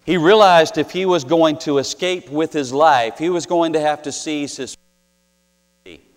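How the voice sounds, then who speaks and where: Male preacher, slow and earnest, dramatic pauses, reverberant hall. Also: mid-range voice, smooth. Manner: earnest, dramatic pauses, swells louder on scripture. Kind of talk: sermon with personal story.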